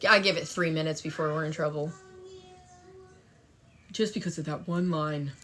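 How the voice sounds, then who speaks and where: A woman's voice: sits low, fairly even intonation, moderate pace, pauses often, a bit bright, slight background noise. A young woman telling a story and chatting on a phone livestream, brash and profane, thanking viewers for gifts. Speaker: TikTok live streamer.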